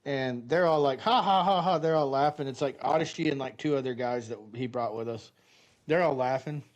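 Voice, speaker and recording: Brisk and steady, this American man's mid-range voice carries a darkish tone. He rambles through a story while streaming a game, cursing freely in casual chat.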